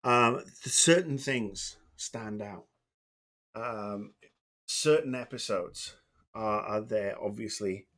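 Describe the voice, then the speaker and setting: A man's voice: lowish voice, slow pace, a bit bright. A middle-aged man streaming live, chatting casually in a meandering, profane, self-deprecating way. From Wales.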